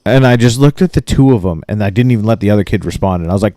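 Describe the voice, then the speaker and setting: A man's voice: fairly low pitch, fast talker, hardly any pauses, mellow, no echo, clean studio sound. A man in his late thirties from Maine, co-hosting a podcast, telling a profane story and acting out both sides of it. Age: late 30s. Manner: ranting, swears constantly, acts out both sides of a story. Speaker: podcast co-host.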